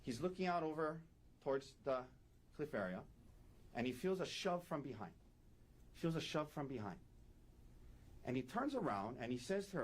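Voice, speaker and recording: A male defense attorney delivers an opening statement in a courtroom. His voice sits a little high and swings widely as he stresses each point, repeating the key facts for emphasis. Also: sing-song, fairly quick.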